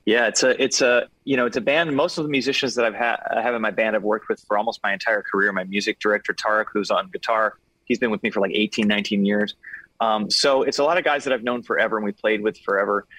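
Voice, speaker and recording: A man's voice: fairly low pitch, steady tone, fast talker, sharp tone, dry recording, poor audio. A man from Los Angeles, a singer and actor being interviewed over a video call, talking casually with many fillers and restarts.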